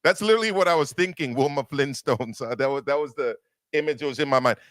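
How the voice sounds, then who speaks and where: A man's voice: medium pitch, quick pace, fairly bright tone, no room sound, clean studio sound. A man on a boxing debate panel making his case emphatically. He repeats himself as he presses each point.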